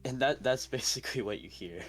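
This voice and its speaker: A man's voice: mid-range voice, fairly quick, faint music behind, low-quality recording. A man playing in a tabletop game over an online call, casually describing what his character does and feels, with frequent "like". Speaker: player.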